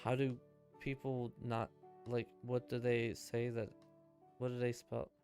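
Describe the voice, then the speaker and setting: A man's voice: medium pitch, level tone, a little slow, a little mellow, faint music behind. A man streaming himself playing a game, chatting casually and rambling in answer to his chat. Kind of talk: casual gameplay commentary.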